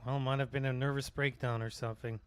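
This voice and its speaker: A man chatting in character in a roleplay game, explaining things in a measured, hesitant way. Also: medium pitch, level tone, clear, resonant tone. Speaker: fellow roleplay player.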